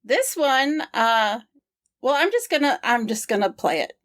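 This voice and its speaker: Slow, amused woman podcast co-host. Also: a little high, a little hiss or hum. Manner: relaxed, amused, laughs often. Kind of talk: casual podcast chat.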